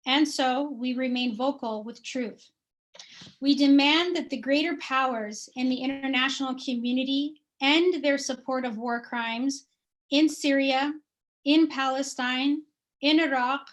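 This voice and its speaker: High-voiced woman reading firm demands. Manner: forceful, declarative. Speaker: activist speaker. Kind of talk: reading a prepared statement.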